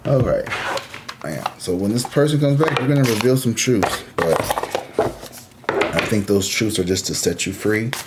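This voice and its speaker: A man's voice: lowish voice, expressive, moderate pace, long pauses, heavy background noise. A man giving a casual tarot reading, talking in a laid-back, chatty and reassuring way with the odd curse word thrown in. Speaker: tarot reader.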